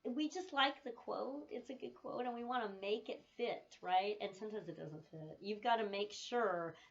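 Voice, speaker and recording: A woman's voice: medium pitch, moderate pace, creaky. Chatty woman teacher, lo-fi recording. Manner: chatty, often checks in with "right?"; laughs easily while telling stories. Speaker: English teacher. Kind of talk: recorded video lecture.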